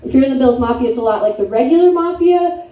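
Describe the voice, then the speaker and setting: A woman's voice: sits high, expressive, quick pace, warm tone. Brash woman doing crude stand-up. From upstate New York. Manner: brash, crude, self-mocking, chatting with the crowd. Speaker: stand-up comedian. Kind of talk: stand-up comedy set. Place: comedy club stage. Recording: echoey room, mic from a distance.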